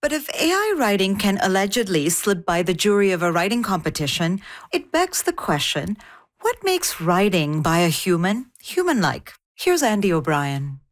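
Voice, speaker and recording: Lively-voiced woman radio reporter. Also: medium pitch, normal speed. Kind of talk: scripted news report.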